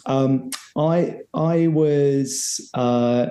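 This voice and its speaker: A man's voice: mid-range voice, fairly even intonation, very slow, mellow, roomy sound. A man guesting on a podcast, telling a rambling, self-deprecating story with lots of restarts. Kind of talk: casual storytelling.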